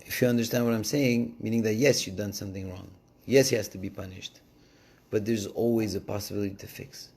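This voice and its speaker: A man's voice: fairly low pitch, a little fast, gravelly, slightly rough. Man telling Bible stories. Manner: animated storyteller, switches languages. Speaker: Torah teacher. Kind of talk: casual Torah lesson.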